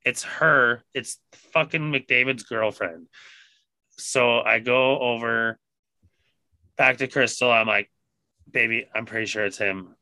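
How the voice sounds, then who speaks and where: Man, podcast co-host, very bright forceful voice, casual swearing storyteller, dry close sound. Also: medium pitch, takes it slowly, pauses often, no room sound. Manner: swears constantly, animated retelling.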